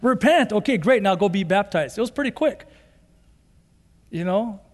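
A male pastor with a high voice gives a conversational sermon in a church, acting out little exchanges and repeating key lines for emphasis. His voice rings with a long hall reverb. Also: lively intonation, moderate pace. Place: church sanctuary.

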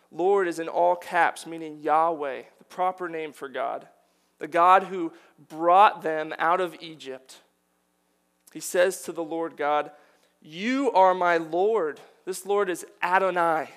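A man's voice: a little high, fairly bright tone. A man preaching a sermon, earnest and building to emphatic declarations.

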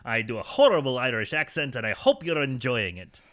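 A man's voice: mid-range voice, big pitch swings, fairly quick, a bit bright. A man co-hosting a podcast in easygoing chat, chiming in with casual swearing. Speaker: podcast co-host.

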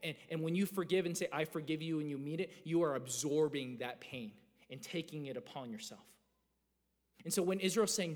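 A man in his thirties preaching a sermon as a pastor, earnest and animated, often restarting his phrases. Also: fairly high pitch, a little fast. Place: church sanctuary. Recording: long reverb of a church hall.

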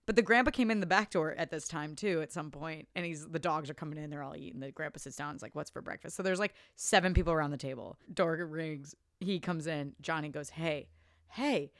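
A woman's voice: low voice, brisk, dry recording, studio quality. A woman casually recapping a film plot, acting out the characters' lines and swearing freely. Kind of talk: casual movie recap chat.

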